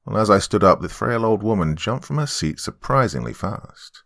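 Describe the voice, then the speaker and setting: A man's voice: on the low side, lively intonation, moderate pace, creaky, few pauses, a bit bright. A man hosting a horror podcast, dramatically telling a first-person scary story. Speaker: horror podcast host and narrator. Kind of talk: scripted horror narration.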